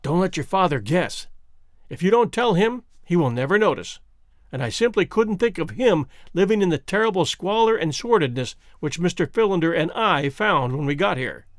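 A man voicing a devoted, hurt young gentleman in an audiobook, pleading earnestly. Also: high-pitched, animated, moderate pace, no room sound, studio quality. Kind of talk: audiobook character reading.

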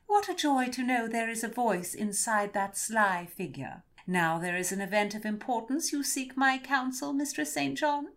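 A woman voicing a vain, bossy young noblewoman who speaks in a high, loud, gushing and imperious way. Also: moderate pace, few pauses.

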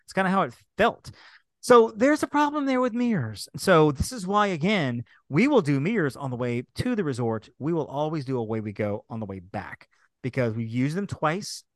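A man co-hosting a podcast, telling a travel mishap as a lively story and acting out the back-and-forth. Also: a little high, normal speed, no room sound, studio quality. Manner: animated storyteller, acts out quoted exchanges. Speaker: podcast co-host. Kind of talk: casual chat, storytelling.

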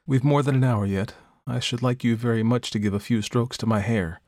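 Jealous proud young woman, sharp and cold, voiced by a male narrator, dry close recording. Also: mid-range voice, steady tone, brisk, no echo, lightly acted. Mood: coaxing. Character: jealous elder sister, proud and bitter.

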